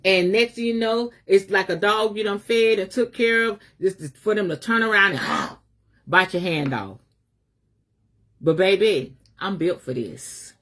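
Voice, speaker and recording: Fiery woman preaching with a lively voice. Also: medium pitch, measured pace. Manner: fiery and emphatic, with a preacher's cadence; African American Vernacular English with salty swearing. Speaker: spiritual advisor. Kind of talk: preaching-style live stream message.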